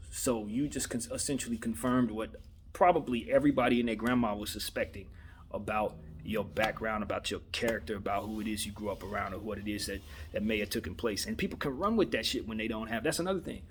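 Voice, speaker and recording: A man's voice: mid-range voice, a little hiss or hum. A man from Los Angeles giving his opinion in a casual monologue, conversational and slangy, often repeating himself for emphasis. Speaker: vlogger giving sports opinion.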